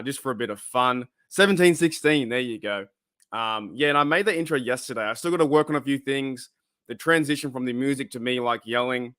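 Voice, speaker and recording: An Australian man hosts a casual live stream from his room at home, rambling and filling his speech with fillers as he greets viewers in the chat. His voice is medium-pitched and a little bright, captured in a dry, clean studio-quality recording.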